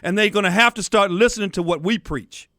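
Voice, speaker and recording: Fired-up male radio host, high and bright, clean dry studio sound, angry monologue. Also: fairly quick, no echo. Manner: angry, fired-up ranting, addresses listeners as folks. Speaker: radio talk show host.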